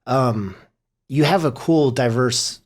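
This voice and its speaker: A man hosting a podcast, asking relaxed, curious questions in casual chat. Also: mid-range voice, slow. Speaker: podcast host.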